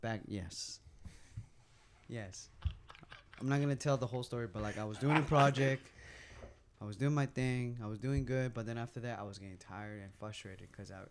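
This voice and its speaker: A man in his twenties, co-hosting a podcast in a small room, tells stories with lots of swearing and animated bursts. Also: mid-range voice, moderate pace, long pauses, a little hiss or hum. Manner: animated storyteller, heavy swearing. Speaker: podcast co-host. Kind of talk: casual chat. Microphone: podcast mic at a table.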